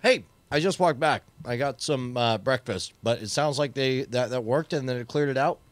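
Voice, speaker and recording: A man's voice: mid-range voice, moderate pace, dry recording. Stream host, man, chatty and joking, eats while he talks, dry close sound. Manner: chatty, joking, talking with his mouth full. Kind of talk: casual chat.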